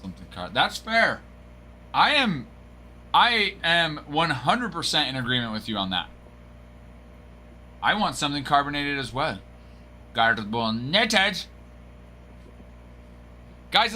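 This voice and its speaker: Man, stream host, keen and very bright tone, slightly high, laughs a lot, chats with viewers by name. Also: very animated, fairly quick, a little hiss or hum. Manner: joking, laughs often, answers viewers by name. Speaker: card break livestream host. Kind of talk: casual livestream chat.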